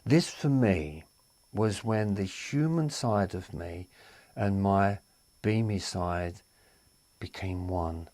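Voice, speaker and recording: A man's voice: slow, a little mellow, no echo. A man from East London with an East London accent, hosting a casual spiritual live stream, rambling, repeating himself and reading out viewer comments. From East London, England. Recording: dry, close, low-quality setup.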